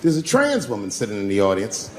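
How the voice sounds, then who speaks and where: In a live club recording with long reverb and a noisy background, a man does a stand-up routine, telling a profane story while the audience laughs. His fairly low voice swoops wildly in pitch at a brisk clip. He acts out other people's voices.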